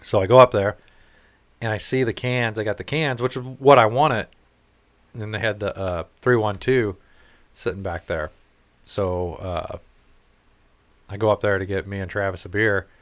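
A man's voice: fairly low pitch, fairly even intonation, normal speed, pauses often. A man co-hosting a casual podcast, telling rambling, profane stories with laughs. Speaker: podcast co-host. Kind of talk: casual chat, storytelling.

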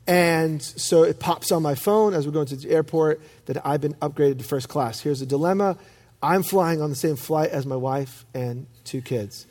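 A man preaching a sermon as pastor, telling stories with self-deprecating humor and lively emphasis. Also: fairly high pitch.

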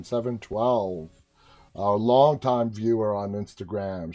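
A man's voice: medium pitch, a little mellow. An American man hosting a live stream, chatting casually, reading out viewer comments and entertainment news, and often getting sidetracked. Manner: chatty, easily sidetracked, teasing.

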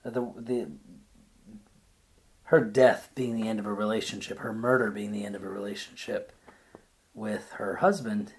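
A man reading a short story aloud, then musing about it in a thoughtful, halting way. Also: on the low side, fairly even intonation. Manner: thoughtful, searching for words. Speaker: reader.

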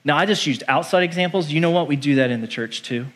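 A male pastor preaching a sermon in an animated, conversational way, acting out the voices he quotes. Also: fairly high pitch, fast talker, few pauses.

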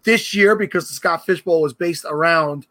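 A man's voice: fairly high pitch, normal speed, a bit bright. A man from New York, a guest on a podcast, joking and chatty. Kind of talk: casual podcast chat.

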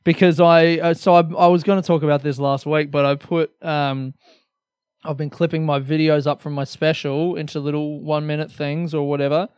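A man's voice: fairly high pitch, flat delivery, normal speed, darkish tone, clean tone, dry recording. A young Australian man hosting a solo comedy podcast, rambling energetically with lots of swearing and self-mockery.

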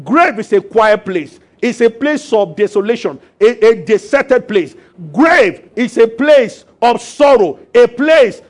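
A man preaching a sermon as pastor, animated and acting out voices. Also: extremely high pitch, takes it slowly, few pauses. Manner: animated, acts out voices and laughs with the congregation.

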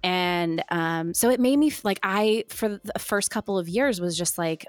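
Lower-voiced woman on a podcast, just chatting candidly, dry close sound. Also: moderate pace, dry recording, soft background music. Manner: candid storytelling, quoting others. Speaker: podcast co-host sharing her story. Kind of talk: casual chat.

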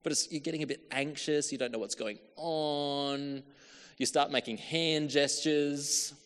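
A man preaching a sermon, telling a story and acting out quotes, from hushed asides up to loud calls. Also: on the high side, steady tone, measured pace, clear, resonant tone, big-room sound. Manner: storytelling with acted-out quotes, shifts from hushed to calling out.

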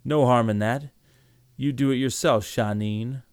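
A man voicing a big, hot-tempered, hungover farmer who shouts and sneers gruffly in a storybook reading. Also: medium pitch, a little slow, no room sound, clean studio sound, lightly acted. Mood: sneering.

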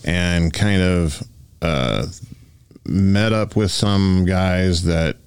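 Male host, very deep voice, smooth and resonant, casual questions, dry sound. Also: very slow, no room sound. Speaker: interview host. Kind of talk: casual interview.

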